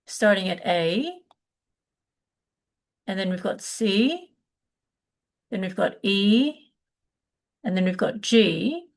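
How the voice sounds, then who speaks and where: Middle-aged female music teacher, unhurried, gravelly edge, halting delivery with restarts. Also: mid-range voice. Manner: halting, many fillers and restarts, patient. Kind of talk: live online lesson, unscripted explanation.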